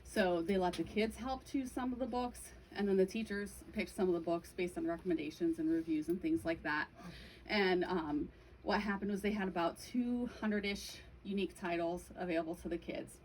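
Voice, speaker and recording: A woman's voice: lowish voice, normal speed, a little mellow, a little hiss or hum, low-quality recording. A young adult woman giving a casual presentation to an audience, chatty, with frequent "um" and "like". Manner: chatty, many fillers like "um" and "like". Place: bookstore event room.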